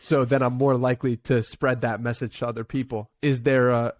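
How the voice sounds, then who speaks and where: A man's voice: medium pitch, little pitch movement, fairly quick, dry recording. A man hosting a podcast, posing thoughtful hypothetical questions to his guest. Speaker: podcast host. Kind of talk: interview questions.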